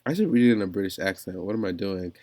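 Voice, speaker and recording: A man's voice: sits low, animated, fast talker, mellow, no echo. A man doing casual reaction commentary in a vlog, reading an article aloud and ranting incredulously with many restarts. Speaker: commentary vlogger.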